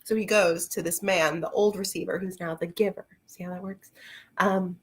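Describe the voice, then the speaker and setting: A woman's voice: lowish voice, fairly even intonation, moderate pace, breathy edge. A woman chatting casually about books on a livestream, laughing often and answering her viewers. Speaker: book reviewer. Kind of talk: casual livestream book chat.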